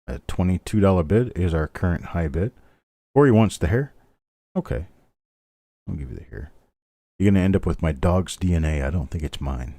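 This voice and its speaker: A man's voice: sits low, a little fast, mellow, dry recording. A middle-aged man hosting a live online coin auction, calling bids steadily and chatting between lots. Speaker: auctioneer host.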